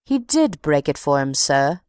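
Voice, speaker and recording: A woman's voice: low voice, big pitch swings, a little slow, a little mellow, clean tone, no room sound, studio quality. A woman voicing an indignant, talkative middle-aged box-keeper who tells her story haughtily. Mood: haughty.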